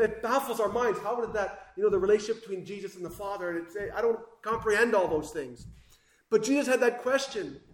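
A man preaching a sermon with passion, swinging between loud emphasis and hushed asides. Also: high-pitched, roomy sound.

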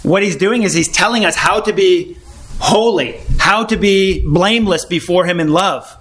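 A man with a notably high voice preaches in an earnest, informal way. He keeps returning to his main point and puts rhetorical questions to his listeners. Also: moderate pace, fairly bright tone. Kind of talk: informal Bible teaching.

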